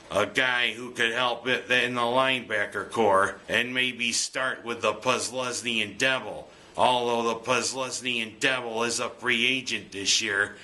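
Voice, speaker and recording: A man's voice: mid-range voice, pushed and bright. A man giving jokey, punning scripted sports commentary as host. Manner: jokey, punning, breaks into goofy singing.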